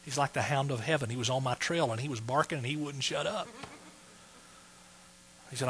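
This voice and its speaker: A man's voice: mid-range voice, fairly quick, fairly bright tone, a little hiss or hum, rough recording. A man preaching a personal testimony in a folksy, emotional way, close to tears. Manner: folksy, emotional storytelling with fillers. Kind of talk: sermon testimony.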